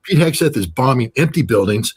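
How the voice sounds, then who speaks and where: A man's voice: medium pitch, animated, a little fast, breathy edge. A man speaking as a guest analyst in an interview, blunt and sarcastic and often joking. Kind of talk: animated interview commentary.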